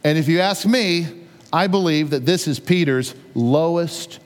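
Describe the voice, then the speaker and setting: Male preacher, conversational storyteller who acts out scenes; high voice, echoing hall. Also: unhurried. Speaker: pastor. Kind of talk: sermon. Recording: long reverb of a large hall.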